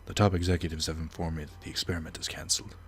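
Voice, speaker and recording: A man's voice: rumbling low, level tone, racing, a little hiss or hum. A man voicing a secretive male scientist who guards his research, reading it in a put-on, hard-to-place accent. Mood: determined.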